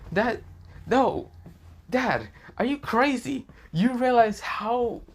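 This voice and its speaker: Guy putting on a squeaky flustered teen boy, swears a lot, rambles on, pitch jumps way up. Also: animated, takes it slowly, slightly rough, full character voice. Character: brash teenage boy, flustered and foul-mouthed.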